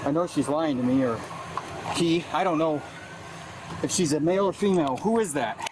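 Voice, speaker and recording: A man, a police officer, out of breath, calmly explaining things outdoors by a patrol car. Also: a little high, normal speed. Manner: calm, explaining. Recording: police bodycam audio with loud street noise.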